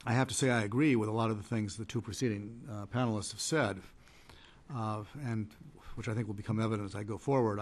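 Low-voiced man speaking on a panel. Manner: measured, hesitant, many fillers and restarts. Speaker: panelist, trade policy advocate. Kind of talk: conference panel remarks.

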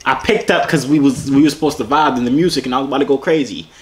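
A man's voice: mid-range voice, fast. A man in his twenties with a New York accent, chatting and flirting playfully with strangers on a video app and joking to his viewers in street slang. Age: 20s. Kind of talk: casual flirty chat with asides to viewers.

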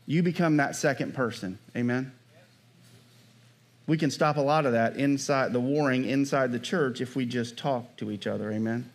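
A man preaching a sermon, with a slightly higher voice than most men. He talks to the congregation in a loose, conversational way and keeps checking in with call-and-response prompts. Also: a little fast. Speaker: pastor.

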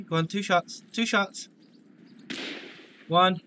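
A man's voice: sits high, lively intonation, slow, long pauses, bright, forceful tone, a little hiss or hum. A man hosting a gaming video, joking and playful as he comments on his play. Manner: joking, playful, with silly voices and outbursts.

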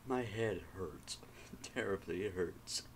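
A man's voice: low voice, slow, slight background noise. A man reacting to memes as a YouTuber, laughing hard and giggling between remarks. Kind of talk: casual reaction commentary.

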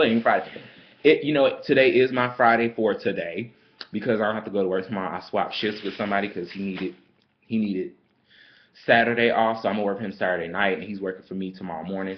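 A man's voice: fairly low pitch, lo-fi sound. A man telling a story in a sassy, dramatic way, calling the listener girl and honey. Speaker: vlogger. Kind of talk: casual storytime rant.

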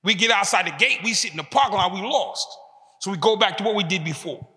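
A man in his fifties speaks in a high, bright voice. He tells his story with emphasis and leans on short, repeated phrases. His voice rings out with a long echo in a large hall. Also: expressive, fast. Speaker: speaker giving a talk to prisoners. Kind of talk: motivational talk.

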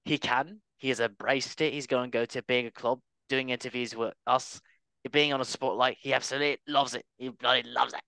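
A man's voice: medium pitch, steady tone, a little fast, vocal fry, bright, forceful tone, clear, resonant tone, dry recording. A man hosting a casual football chat show, joking with his panel and reading out the news. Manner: jokey, teasing, reads news aloud. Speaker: host.

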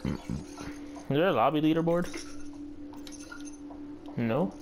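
A man's voice: medium pitch, animated, unhurried, long pauses. A man giving casual, profane gameplay commentary, muttering to himself and running himself down as he plays. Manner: muttering, profane, self-critical. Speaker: gamer and channel host. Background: background music.

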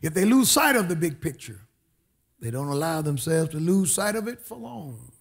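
A man preaching a sermon as a bishop, emphatic, repeating phrases and calling out amen. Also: fairly high pitch.

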